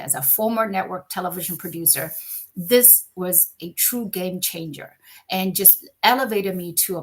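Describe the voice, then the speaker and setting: A middle-aged woman from China, a podcast guest and company founder, telling her story in an animated, conversational way and often checking in with "right?". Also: lowish voice, husky. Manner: animated, frequent "right?" tag questions.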